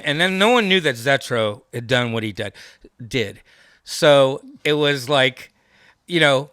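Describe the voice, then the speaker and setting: A man in his fifties, a guest in a casual chat, recounting touring memories in a steady, detailed way. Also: mid-range voice, clean tone, dry recording, clean studio sound.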